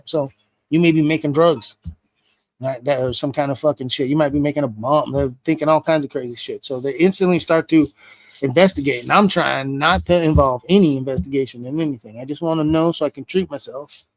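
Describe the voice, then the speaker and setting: A man's voice: fairly high pitch, dry recording. A man being interviewed, telling a story casually with heavy swearing. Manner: profane, animated retelling with heavy swearing. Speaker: interview guest.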